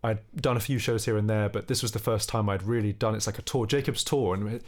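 A young man, a musician guest, telling a story in relaxed conversation and singing short bits of melody as he goes. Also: fairly low pitch, fast. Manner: animated, sings snippets of melody while telling the story.

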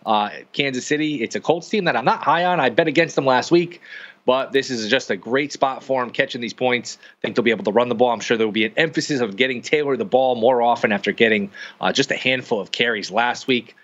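Fast-talking man with dull audio. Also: mid-range voice, fairly bright tone. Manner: quick, matter-of-fact picks. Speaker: guest sports bettor, show host elsewhere. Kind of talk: sports betting analysis.

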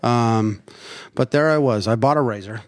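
A man's voice: medium pitch, moderate pace, no echo, studio quality. A middle-aged man from Nevada, a podcast guest, telling a story in a crude, joking way with plenty of swearing. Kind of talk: casual chat.

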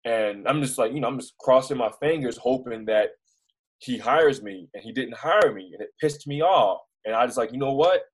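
Young man with a Baltimore accent, husky and mid-pitched, telling stories casually with many restarts. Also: moderate pace, poor audio. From Baltimore, United States. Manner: rambling, animated storyteller with many restarts and fillers. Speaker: news reporter, interview guest. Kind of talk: casual storytelling in an interview.

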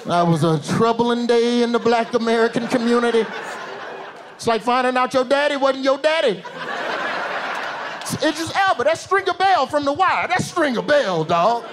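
A male stand-up comedian, performing an animated set that swings from low asides to high shouted bits on a theater stage. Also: normal speed. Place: theater stage with a laughing audience. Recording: live show with loud crowd laughter and room noise.

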